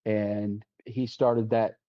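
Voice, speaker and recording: A man's voice: lowish voice, little pitch movement, drawn-out words. A man, a deputy sheriff, telling a personal testimony on a podcast, retelling conversations with quoted lines and often restarting his sentences. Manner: vivid retelling with quoted dialogue and frequent restarts. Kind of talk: testimony storytelling. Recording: dull lo-fi sound.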